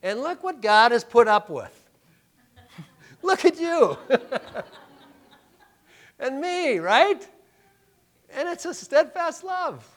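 A male pastor preaching a sermon, emphatic and full of rhetorical questions, dropping to a hush and then rising loud. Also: very high voice, sing-song, slow pace, long pauses.

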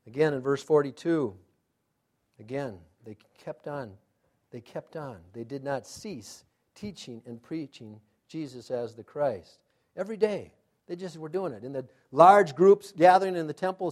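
Guy preaching a sermon, high voice for a man, fires off questions, goes loud then soft. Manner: emphatic, rhetorical questions, swings loud to soft. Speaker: pastor.

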